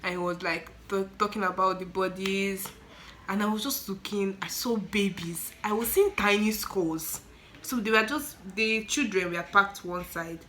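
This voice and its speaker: Animated Nigerian young woman storyteller. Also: medium pitch, moderate pace, a little hiss or hum, low-quality recording. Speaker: student nurse vlogger. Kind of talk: storytime vlog.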